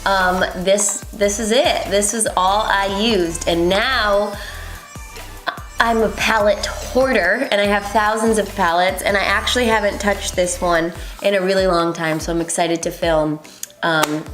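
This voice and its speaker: A woman's voice: mid-range voice, a bit bright. Chatty woman in an echoey room. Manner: chatty, rambling, lots of ums. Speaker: beauty vlogger. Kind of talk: casual makeup tutorial. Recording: echoey room, faint music.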